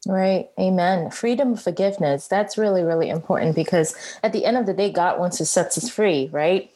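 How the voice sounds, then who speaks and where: A woman with a warm, mellow voice hosts a faith-based interview. She listens attentively, affirms her guest, and asks measured questions. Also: lowish voice. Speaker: interviewer host.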